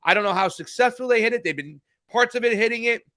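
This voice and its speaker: A man's voice: very high-pitched, quick pace, bright, forceful tone. A man co-hosting a political news podcast, talking heatedly in casual chat, swearing and restarting his sentences. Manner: heated, profane, frequent restarts. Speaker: podcast co-host.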